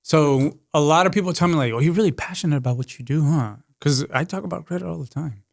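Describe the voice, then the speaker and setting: A man's voice: fairly high pitch, quick pace, gravelly, no room sound, clean studio sound. A man from Southern California, a podcast guest, casually telling stories and acting out other people's lines. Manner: animated, acts out quoted dialogue. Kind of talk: casual storytelling chat.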